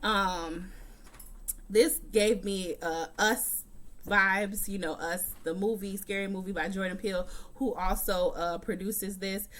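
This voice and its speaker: A woman's voice: mid-range voice, steady tone, slow pace, fairly bright tone. A woman recapping a TV episode in a casual, chatty vlog from a room at home, talking bluntly and swearing often. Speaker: TV recap vlogger.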